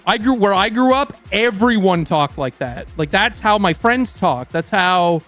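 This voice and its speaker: Young canadian guy on stream, canadian accent, high voice, cussing and rambling, faint music behind. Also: animated, measured pace, fairly bright tone. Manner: profane, rambling storyteller. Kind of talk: casual stream chat.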